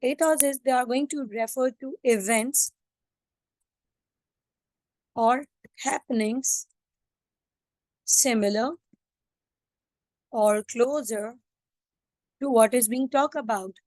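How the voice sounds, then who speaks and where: A woman teacher lectures her class, her voice pitched a little high. She keeps asking her students questions and mixes in Hindi-Urdu words. The sound is dry, with no room echo. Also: slow pace, pauses often, a little mellow.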